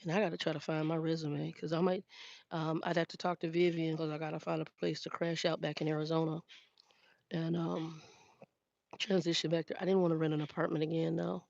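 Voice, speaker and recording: An older woman truck driver chats casually with live viewers in a low, gravelly voice with little pitch movement and a darkish tone. She talks briskly, frankly and with exasperation, often restarting her sentences. The recording is dry and dull, lo-fi with no echo.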